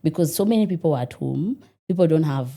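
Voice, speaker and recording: Animated Kenyan woman with a mellow voice. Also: sits low, quick pace, gravelly. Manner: animated, laughs often while telling stories. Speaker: restaurant owner, guest. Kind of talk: casual storytelling interview.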